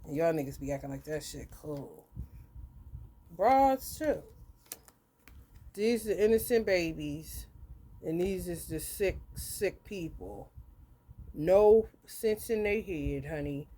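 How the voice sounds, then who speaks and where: This tarot reader runs an unscripted live stream, talking slowly with a breathy edge to her voice. Blunt and heavily profane, she addresses viewers as honey while alternating between bursts of loudness and quiet mumbling.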